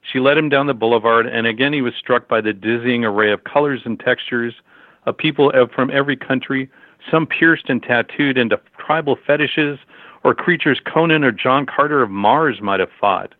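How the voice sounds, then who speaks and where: A man narrating a story in a steady, measured reading over a tinny phone-like line. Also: mid-range voice, no room sound.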